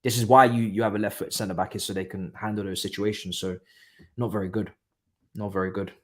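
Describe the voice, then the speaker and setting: A young man hosting a live football watchalong, talking casually and breaking into excited exclamations. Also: lowish voice, fairly quick. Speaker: watchalong host. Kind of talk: live match watchalong commentary.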